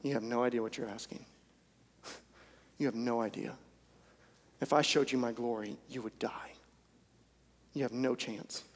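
A man voicing God as a solemn, awesome presence, speaking low in a hushed, grave warning. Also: steady tone, normal speed, long pauses, slightly rough, long reverb tail.

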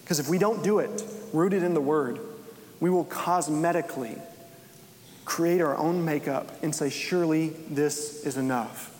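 A man with a fairly high voice preaches earnestly, firing probing questions one after another. His words ring out with a long reverb, as if spoken in a large hall. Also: normal speed, a little mellow.

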